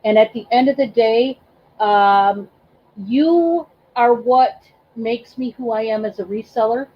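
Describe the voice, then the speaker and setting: A woman's voice: on the high side, takes it slowly, dull audio. A woman hosting a casual livestream, emotional and effusive, thanking her viewers by name with many ums and restarts. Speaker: livestream host and reseller.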